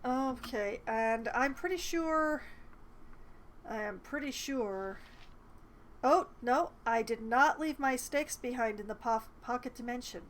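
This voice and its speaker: A woman's voice: fairly high pitch, takes it slowly, slight background noise, poor audio. A woman streaming a role-playing game, chatting and reading the dialogue choices aloud. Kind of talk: casual gameplay commentary.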